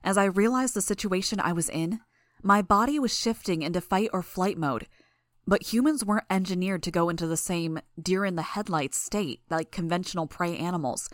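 A woman reads a tense first-person action story aloud. Her voice sits a little low for a woman and stays steady. The sound is dry and close, with no room echo. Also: normal speed. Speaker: audiobook narrator. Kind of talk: first-person fan audiobook narration.

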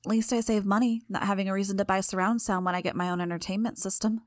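A woman's voice: steady tone, fast talker, dry recording, clean studio sound, close to an everyday voice. A woman voicing a cocky, bratty teenage girl in a pert, raised voice for an audiobook. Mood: cheeky. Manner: pert, higher voice.

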